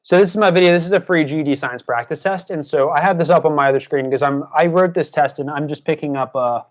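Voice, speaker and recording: A man's voice: a little high, quick pace. A young man tutoring live on stream, talking casually with lots of fillers and restarts, and stopping to scold troublemakers in the chat. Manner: chatty, many fillers and restarts; scolding, exasperated at trolls in chat. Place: indoors at his desk by a screen.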